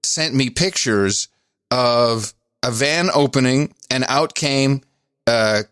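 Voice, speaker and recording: A man's voice: mid-range voice, measured pace, clear, resonant tone, no echo, clean studio sound. Teasing, sarcastic man co-hosting a podcast. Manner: teasing, sarcastic, animated storytelling. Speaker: podcast co-host. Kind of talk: casual political chat.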